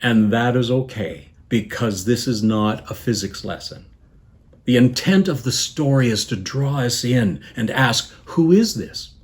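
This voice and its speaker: Preaching with frequent pauses, a bishop speaks reflectively and deliberately, his phrases fading gently at the ends. He has a medium-pitched voice.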